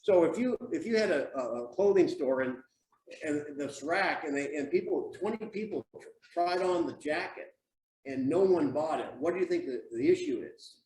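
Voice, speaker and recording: A man runs a sales training session in an echoey room, heard from across the space. His voice sits a little high, and he presses people with blunt, pushy questions. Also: animated, normal speed, a little mellow, recorded from a distance. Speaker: real estate sales coach. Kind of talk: live training seminar, running role-plays.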